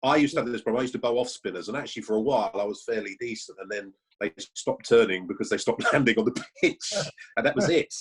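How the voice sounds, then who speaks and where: Male host, low husky voice, quick questions. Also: rough recording. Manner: conversational, asks follow-up questions. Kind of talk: interview hosting.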